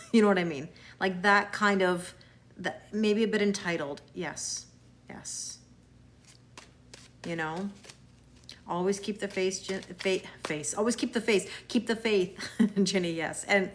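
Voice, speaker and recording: A woman's voice: fairly low pitch, steady tone, unhurried, fairly bright tone, a little hiss or hum. Chatty Canadian woman reading tarot live. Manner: chatty, reassuring, often restarts words. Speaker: tarot reader. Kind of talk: live-stream chat with viewers.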